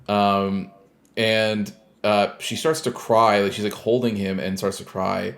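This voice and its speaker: A man's voice: fairly low pitch, measured pace, vocal fry. A man co-hosting a podcast, casually recapping a game and acting out scenes in snarky mock voices. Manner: animated storyteller who acts out scenes in snarky mock voices. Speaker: podcast co-host.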